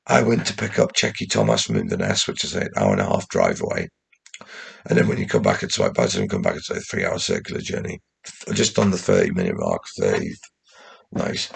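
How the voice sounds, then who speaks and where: A man talking in a rambling, casual monologue, often swearing and restarting his sentences, with a gravelly, husky voice. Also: deep voice. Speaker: commentator.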